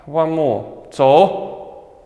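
Slow, patient qigong teacher in a hall. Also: male voice, on the high side, phone-quality sound. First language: Chinese. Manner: short slow instructions in simple non-native English. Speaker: qigong instructor. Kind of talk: guiding a live class.

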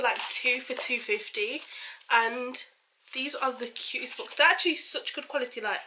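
A woman's voice: fairly high pitch, bright, forceful tone, a little hiss or hum, low-quality recording. A young woman chatting casually through a shopping haul, bubbly and full of fillers. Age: young adult. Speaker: beauty vlogger.

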